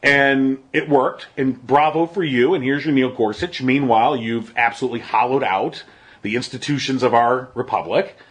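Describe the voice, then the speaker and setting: A man co-hosting a podcast, talking politics in a sarcastic, animated way and acting out quotes. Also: mid-range voice, normal speed. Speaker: podcast co-host. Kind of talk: casual political chat.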